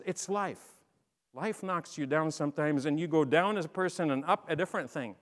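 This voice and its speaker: A middle-aged man giving a motivational leadership talk, telling stories and swinging from quiet asides to loud, emphatic bursts. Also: on the high side, normal speed. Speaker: speaker. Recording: long hall reverb.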